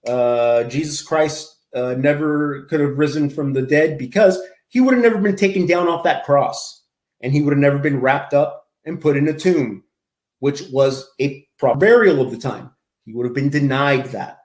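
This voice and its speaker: A man's voice: fairly high pitch, moderate pace, darkish tone, roomy sound. A man hosting casual commentary, rambling and self-deprecating, laughing often as he tells stories. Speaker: commentary channel host.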